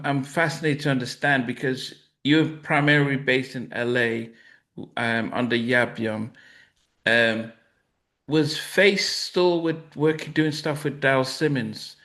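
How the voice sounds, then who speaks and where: A man's voice: mid-range voice, a little slow, a bit bright. A man hosting an interview, asking questions that stumble and restart often. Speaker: interview host.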